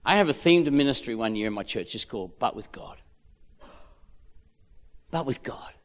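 A man's voice: on the high side, big pitch swings, moderate pace, long pauses. A man with an Australian accent preaching a rousing, jokey sermon as a pastor, recorded in a large hall. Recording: echoey hall.

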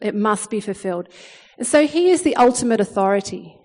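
A woman in her thirties preaching a sermon in a chatty, animated way, acting out the lines she quotes. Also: fairly high pitch, fairly quick. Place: church hall, long reverb. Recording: reverberant hall sound.

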